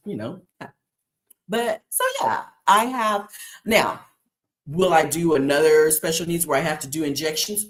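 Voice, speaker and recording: A man's voice: a little high, unhurried, fairly bright tone. A man hosting a podcast, chatting casually and rambling through listener questions with many fillers, restarts and chuckles. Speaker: podcast host. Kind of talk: casual solo chat answering listener questions.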